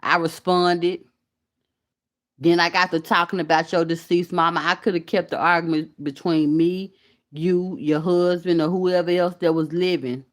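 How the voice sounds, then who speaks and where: A woman from Alabama, hosting a casual livestream and talking candidly and emphatically to her viewers. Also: sits low. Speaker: YouTube commentary host.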